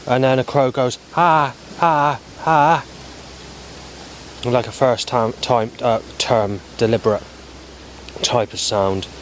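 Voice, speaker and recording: A man rambling through a spoken log of his day, halting often with ums and restarts. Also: medium pitch, a little hiss or hum. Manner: halting, many ums and restarts, flat recounting. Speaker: vlogger.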